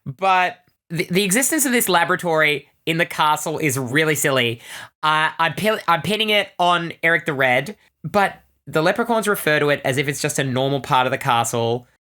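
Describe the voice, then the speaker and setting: A woman's voice: deep voice, lively intonation, normal speed, a bit bright. A woman co-hosting a casual comic-book podcast, recapping with enthusiastic, rambling chatter and plenty of "like"s. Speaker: podcast co-host.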